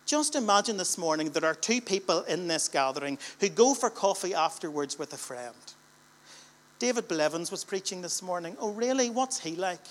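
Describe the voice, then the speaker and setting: A man's voice: high voice, lively intonation, normal speed, fairly bright tone. A middle-aged man from Northern Ireland with a Northern Irish accent, preaching a sermon to a church gathering with rhetorical questions and building, repeated lines that swell with emphasis.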